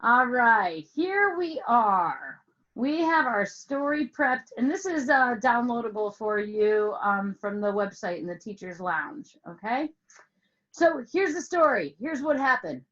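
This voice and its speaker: A woman's voice: on the high side, very animated, measured pace, a bit bright, lo-fi sound. A woman music teacher telling a playful story to explain a lesson, asking questions and stretching words for emphasis over an online call. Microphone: online call with screen share.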